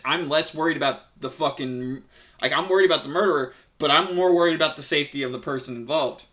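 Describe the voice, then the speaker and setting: A man reads internet stories aloud in a loose, casual way, stopping often to vent. His voice is bright and sharp. He swears freely, rambles through fillers, and sounds openly irritated with the people in the story. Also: on the high side, a little fast. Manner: profane, irritated ranting. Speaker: reddit story reader. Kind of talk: casual story reading with commentary.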